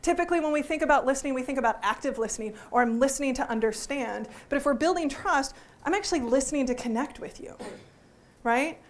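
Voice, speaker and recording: High-voiced, lively woman teaching a workshop. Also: quick pace. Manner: lively, joking, asks the audience questions. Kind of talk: interactive workshop talk. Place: conference room before a live audience.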